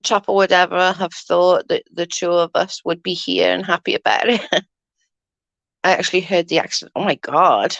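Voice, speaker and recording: A woman's voice: lowish voice, fairly even intonation, moderate pace, vocal fry, fairly bright tone, no echo, lo-fi sound. Woman, casual stream chat, tired and yawning, dry close sound. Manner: chatty, yawning, says "allegedly" often. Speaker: live-stream host. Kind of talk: casual live-stream chat reading comments.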